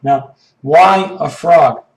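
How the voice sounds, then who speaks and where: Hoarse man teaching English idioms. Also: a little high, darkish tone, roomy sound, low-quality recording. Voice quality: froggy, rough throat. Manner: slow, explanatory teaching with frequent "okay". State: hoarse from allergies. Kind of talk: idiom lesson for learners.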